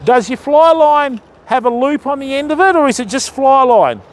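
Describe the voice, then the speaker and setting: A man's voice: very high voice, expressive, normal speed. An Australian man live-streaming his fishing on a phone, chatting in a matey, easygoing way and greeting viewers by name. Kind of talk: casual live-stream chat.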